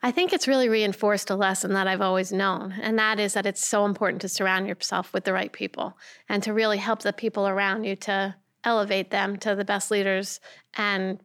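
Female guest, smooth clear voice, earnest measured answers. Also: mid-range voice, level tone, a bit bright. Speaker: guest, business leader. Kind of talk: interview answers.

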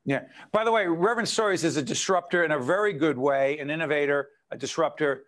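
A man's voice: a little high, brisk, a bit bright. A man hosting a leadership talk show, bantering with energy. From New Jersey. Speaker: host.

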